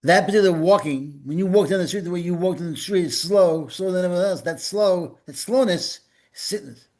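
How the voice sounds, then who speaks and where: Man, minister, informal sermon, rambling, repeats words, folksy, slightly high voice. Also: a little fast, a little mellow. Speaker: minister leading a spiritual gathering.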